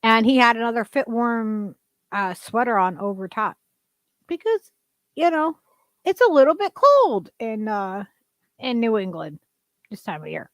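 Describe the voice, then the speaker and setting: A woman co-hosting a casual livestream, rambling and chatty with lots of "like" and quick laughs. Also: fairly high pitch, big pitch swings, no room sound. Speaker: co-host.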